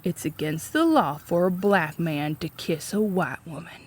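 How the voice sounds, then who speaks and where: A woman voicing a drunk, leering small-town male sheriff who speaks in a slow, low drawl. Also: slightly rough. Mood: mocking.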